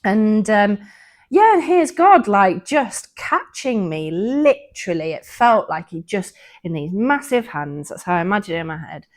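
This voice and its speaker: A woman's voice: medium pitch, sing-song, unhurried. A woman, co-hosting a podcast and earnestly recounting a personal faith story in a casual, reflective way. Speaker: podcast co-host.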